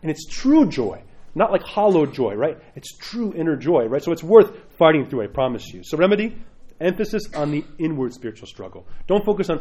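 A man's voice: on the high side, big pitch swings, a little fast, mellow. A male priest giving a conversational teaching talk, often asking "right?" and acting out people's inner voices in quotes.

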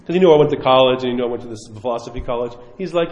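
A man's voice: medium pitch, racing, a little mellow. A man giving a sermon, telling stories animatedly and acting out the voices he quotes. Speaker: preacher. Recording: echoey hall, dull lo-fi sound.

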